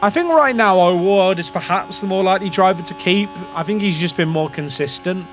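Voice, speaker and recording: High-voiced English man chatting over gameplay. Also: fairly quick, faint music behind. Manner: rambling, self-questioning, occasional swearing. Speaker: gaming streamer. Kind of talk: casual game commentary to chat.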